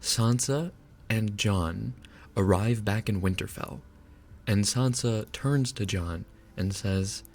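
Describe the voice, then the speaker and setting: A man's voice: fairly low pitch, slow. A man streaming live, ranting casually and with exasperation, swearing and laughing as he goes. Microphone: binaural dummy-head mic.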